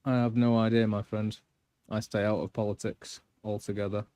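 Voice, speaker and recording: A man's voice: on the low side, flat delivery, normal speed, dark tone, clean tone, dry recording. A man with a Northern English accent chatting casually on a live stream, rambling and blunt. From England, between Manchester and Yorkshire.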